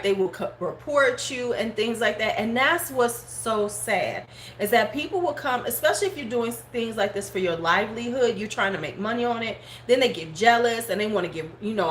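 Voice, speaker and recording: A woman's voice: medium pitch, a bit bright. A middle-aged woman hosting a casual livestream beauty vlog, talking frankly and bluntly, laughing often and answering viewers' comments. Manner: talks back to live chat comments. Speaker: beauty vlogger host. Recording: roomy home room with faint background noise.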